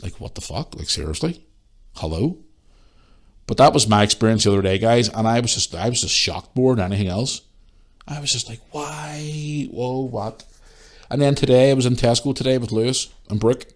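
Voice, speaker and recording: A man hosting a podcast, ranting in a casual monologue, exasperated and swearing freely as he retells encounters. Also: fairly low pitch. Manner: retells encounters with quick changes of voice. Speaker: podcast host.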